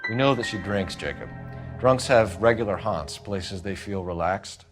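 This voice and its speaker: A man's voice: on the low side, moderate pace, music in the background, close to an everyday voice. An actor playing a pressing male police interrogator questioning a suspect in a game. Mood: probing. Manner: pressing, probing.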